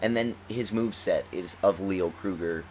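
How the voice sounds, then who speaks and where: A young man who has just woken up chats at home over a wrestling video game, rambling with a fan's enthusiasm. His deep voice has a darkish tone and moderate pace, with slight noise behind it.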